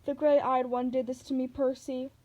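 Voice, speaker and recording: Storybook villainess: woman reader voices a coaxing old monster woman, purring, warm tone. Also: high voice, little pitch movement, normal speed, lightly acted, low-quality recording. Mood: purring menace. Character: Medusa as sweet old woman, scheming female monster.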